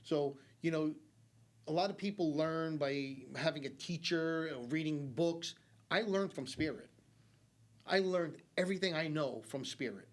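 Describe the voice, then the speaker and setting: Middle-aged man telling stories, slightly high voice. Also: unhurried. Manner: animated storyteller, many fillers like 'like' and 'okay?'. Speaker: guest psychic medium. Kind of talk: casual storytelling in a studio interview. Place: community TV studio.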